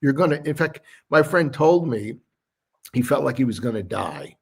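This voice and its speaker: A man's voice: mid-range voice, animated, moderate pace, vocal fry, a little mellow, slightly rough. An older man co-hosting a sports radio show, chatting politely and apologizing when he interrupts. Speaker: radio co-host. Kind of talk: casual sports talk.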